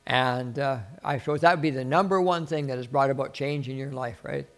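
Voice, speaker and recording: Pastor, male, mid-pitched, earnest and rambling small-group preaching, hushes for quoted prayers. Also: fairly even intonation, a little fast. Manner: rambling and earnest, with many restarts, dropping to a soft voice for quoted prayers. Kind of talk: informal sermon to a small group.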